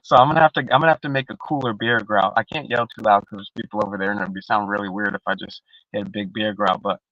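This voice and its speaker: Man, bright forceful voice, dry muffled stream audio, rambling, profane, casual panel talk. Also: on the low side, fast talker, dry recording. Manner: rambling, profane, slang-heavy; restarts often, animated. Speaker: live panel participant. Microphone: video call.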